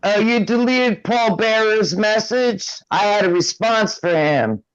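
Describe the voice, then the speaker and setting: An older man on a livestream talking in casual chat with a slow drawl that can sound slurred. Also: high-pitched, animated, smooth. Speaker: livestream guest. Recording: dull lo-fi stream audio.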